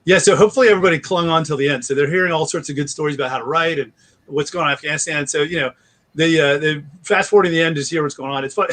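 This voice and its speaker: A man in his forties, a guest author telling rambling stories in a casual interview and slipping into animated impressions. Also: fairly high pitch, rapid-fire. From United States.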